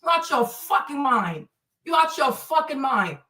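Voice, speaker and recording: A woman's voice: sits high, sing-song, measured pace, sharp tone, distant mic. A woman hosting a livestream, ranting in an angry, profane, repetitive way as she answers her chat. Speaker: livestream host. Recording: echoey room, voice off-mic.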